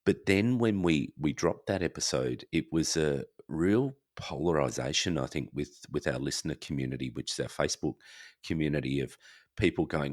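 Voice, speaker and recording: A man's voice: rumbling low, normal speed, no echo, studio quality. A man from Australia, a podcast guest talking casually and acting out other people's reactions with energy. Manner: animated, acts out quoted reactions. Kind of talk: casual conversation.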